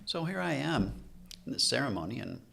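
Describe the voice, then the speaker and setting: A man's voice: medium pitch, very animated, fairly quick, vocal fry, pushed and bright. A man who is a podcast guest, telling a personal story in casual conversation and acting out his own past lines.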